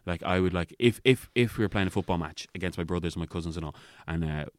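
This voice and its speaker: Fast-talking deep-voiced Irish man. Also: no echo. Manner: rambling, frequent swearing and filler "like"; animated retelling with voiced quotes. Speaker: guest. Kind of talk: casual storytelling chat.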